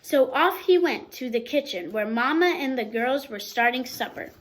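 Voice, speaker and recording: A woman reading a children's picture book aloud, expressive, pausing to explain words for young listeners. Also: sits high, poor audio. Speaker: storybook reader.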